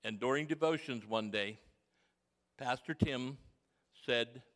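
An older man giving a folksy mission testimony to a congregation, telling stories with gentle humour. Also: medium pitch, takes it slowly. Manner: homely storytelling with gentle humour. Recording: long reverb of a large hall.

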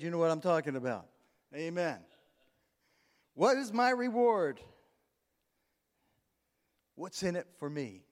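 A man's voice: fairly high pitch, a little mellow, clean tone. A middle-aged male pastor preaching a sermon, calling out to the congregation with rising emphasis and amens. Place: church sanctuary. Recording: long hall reverb.

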